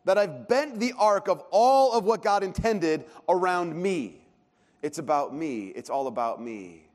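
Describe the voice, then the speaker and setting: A man's voice: sits high, animated, measured pace, darkish tone. A man in his thirties preaching a sermon as a pastor, telling stories in a conversational, self-deprecating way. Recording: long hall reverb.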